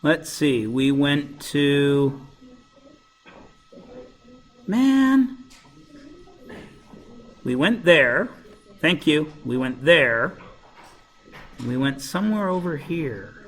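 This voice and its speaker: A man's voice: on the high side, drawn-out words, pauses often, faint music behind. Male teacher, playful anecdote-teller, bouncy intonation, roomy classroom sound. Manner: joking, animated storyteller. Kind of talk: casual classroom talk with anecdotes.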